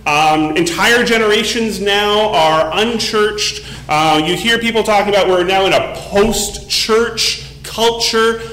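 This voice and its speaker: A man's voice: sits high, takes it slowly, hardly any pauses, bright, forceful tone, slight background noise. A man in his forties giving a casual sermon in church, telling a story in a chatty way full of fillers. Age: 40s. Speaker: pastor. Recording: echoey room.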